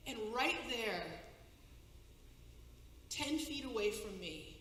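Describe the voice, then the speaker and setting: A woman giving a personal testimony on stage, telling a dramatic story with halting restarts and breathless pacing. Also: on the high side, bright, forceful tone. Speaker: conference speaker. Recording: echoey hall, faint noise.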